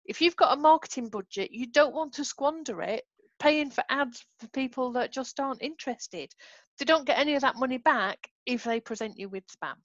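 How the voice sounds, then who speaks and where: A woman co-hosts a podcast, explaining each point in a patient, firm way. Her voice is fairly high. The recording is dry and a little dull. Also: expressive, moderate pace, fairly bright tone, no echo. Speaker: podcast co-host. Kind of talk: casual chat.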